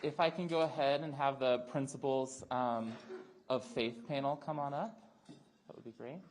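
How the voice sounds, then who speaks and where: A man's voice: mid-range voice, fairly even intonation, normal speed, crowd noise, low-quality recording. A man on an event planning committee, thanking the last speaker and introducing the next panel in an upbeat, polite way. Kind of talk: event announcement.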